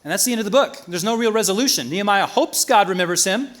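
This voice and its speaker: A man preaching a sermon as pastor in a church, swinging from loud emphasis to quiet asides. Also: high-pitched, fast talker.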